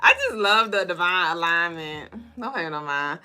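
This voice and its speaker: A woman hosting a casual spiritual reading livestream, talking straight to viewers in a loose, profane, animated way. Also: on the low side, moderate pace, clear, resonant tone. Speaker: spiritual reader and co-host.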